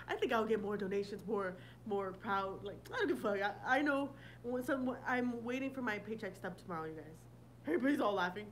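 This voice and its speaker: A woman's voice: medium pitch, brisk, a little hiss or hum, poor audio. A woman hosting a casual livestream, talking bluntly with lots of swearing and laughter while answering viewer comments. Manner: blunt, profane, laughing often. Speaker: livestream host.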